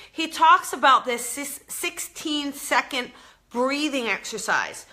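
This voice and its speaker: A woman's voice: sits high, pushed and bright. A woman hosting a casual live stream, chatting upbeat with viewers while she walks from her home out to her backyard garden. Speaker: host.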